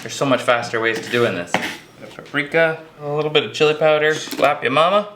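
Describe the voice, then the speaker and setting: Here the same kind of show plays out with a slightly high voice that moves fairly quickly, heard in an echoey room with background noise. The outdoor cooking host rambles through a recipe in a kitchen, cracking jokes at his own expense.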